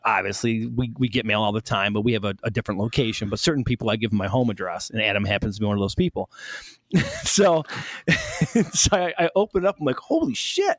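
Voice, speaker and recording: A man's voice: medium pitch, dry recording, studio quality. A man co-hosting a podcast, telling a story in casual chat, profane and laughing often. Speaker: podcast co-host.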